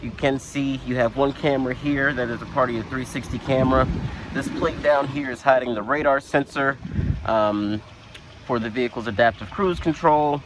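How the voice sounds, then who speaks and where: A man reviewing a vehicle in a casual walkaround, talking in a relaxed, conversational way with plenty of fillers, recorded outdoors. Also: medium pitch, moderate pace, noisy background. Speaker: car reviewer.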